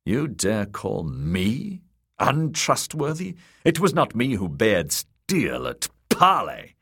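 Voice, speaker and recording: A man voicing a smooth, scheming male lord protector who speaks in a cold, measured, commanding way. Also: fairly low pitch, huge pitch swings, fairly bright tone, pitched above the performer's own voice, exaggerated voice. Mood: cold, angry. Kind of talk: audiobook character voice.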